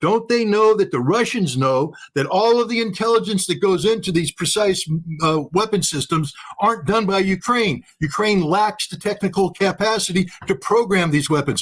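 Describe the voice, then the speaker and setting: A man speaking as an interview guest, talking fast and emphatically, hammering points home by repeating phrases. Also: sits high. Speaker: guest commentator. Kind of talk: heated interview commentary.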